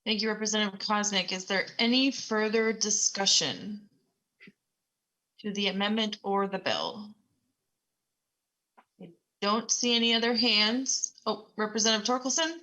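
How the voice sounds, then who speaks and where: Brisk woman chairing a committee. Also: medium pitch, bright, forceful tone, poor audio. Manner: brisk, procedural, recognizes speakers. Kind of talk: chairing a hearing.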